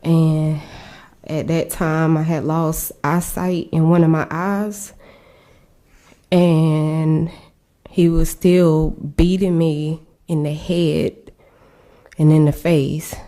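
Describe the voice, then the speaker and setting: Low, slow-spoken woman giving testimony. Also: level tone, mellow. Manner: halting, searching for words. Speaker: survivor interviewed. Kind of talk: recounted personal testimony.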